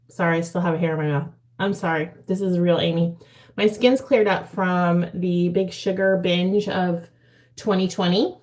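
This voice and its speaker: Her voice sits on the low side with a darkish tone and a moderate pace, in a roomy-sounding space. She's a vlogger in her forties applying makeup at home and chatting casually to a live chat, with frequent laughter.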